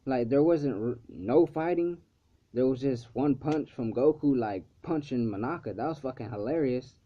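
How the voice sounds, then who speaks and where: A man's voice: mid-range voice, normal speed. A man casually recapping a cartoon episode, rambling with lots of fillers and swearing freely. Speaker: episode reviewer. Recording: slightly dull lo-fi recording.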